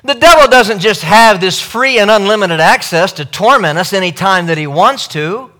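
A man delivers a sermon in a high, bright voice. He presses his points with emphasis and repeats key phrases, speaking straight to his listeners. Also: animated, normal speed. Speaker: preacher.

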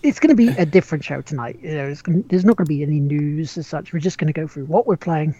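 A man's voice: on the high side, fast, dark tone, muffled recording. A man hosting a gaming podcast in casual, joking, rambling chat. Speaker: podcast host.

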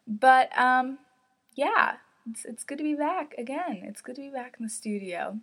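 A woman's voice: sits high, normal speed, fairly bright tone. A teenage girl hosting her own podcast, talking casually and openly, laughing often and filling her talk with likes and ums. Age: teens. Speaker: podcast host. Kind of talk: casual solo podcast chat.

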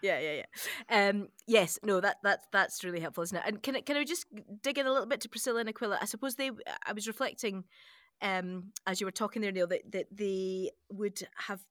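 A woman's voice: mid-range voice, fairly even intonation, brisk, fairly bright tone, no room sound, studio quality. A woman co-hosting a Bible discussion, speaking conversationally and asking reflective questions. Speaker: co-host guiding the discussion. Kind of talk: casual discussion.

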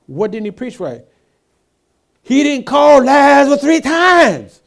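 Male pastor, sermon delivery: unhurried, animated, from quiet asides to loud emphatic peaks. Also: very high voice, creaky. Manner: call-and-response preaching, rhetorical questions to the congregation; swings between hushed asides and loud emphatic lines.

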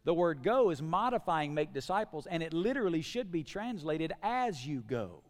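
A pastor preaching with a slightly high voice, pressing his points with emphatic, building repetitions. His voice rings out in the long reverb of a large church hall, swelling from hushed lines to loud ones. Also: big pitch swings, moderate pace. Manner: emphatic, swings from hushed to loud repeated lists. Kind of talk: sermon.

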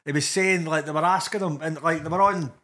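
Slightly higher-voiced Scottish male comedian. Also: steady tone, a little fast, sharp tone. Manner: joking, crude banter. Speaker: comedian, podcast co-host. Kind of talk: casual chat.

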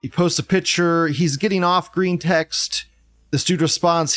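A man's voice: fairly high pitch, fairly even intonation, unhurried, fairly bright tone, dry recording, clean studio sound. A man hosting a news commentary show in a casual, profane, mocking rant, laughing often.

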